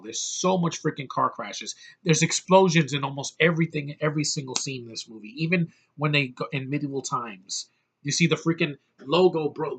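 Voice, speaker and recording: A man's voice: fairly high pitch, pushed and bright, breathy edge. A man giving an exasperated, profane movie review rant, with heavy emphasis. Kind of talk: ranting movie review vlog.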